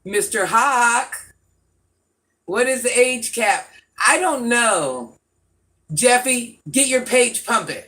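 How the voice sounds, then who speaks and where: Bright-voiced woman hosting a live stream. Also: a little high, animated, slow, pauses often. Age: 40s. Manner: affectionate, repetitive, calls herself Granny. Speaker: livestream host. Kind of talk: live-stream chat shouting out viewers.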